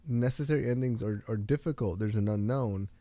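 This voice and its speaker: Low-voiced man, earnest storyteller. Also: fairly quick, dark tone, no echo. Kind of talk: casual podcast chat.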